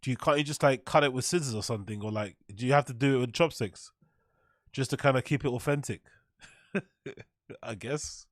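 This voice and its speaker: A man's voice: mid-range voice, normal speed, pauses often, dry recording. A man hosting a reaction show, ranting in mocking, incredulous, sweary bursts. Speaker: host. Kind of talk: reaction commentary.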